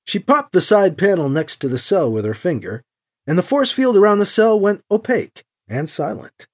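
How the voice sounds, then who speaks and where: An audiobook narrator reading with expressive storytelling. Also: medium pitch, moderate pace.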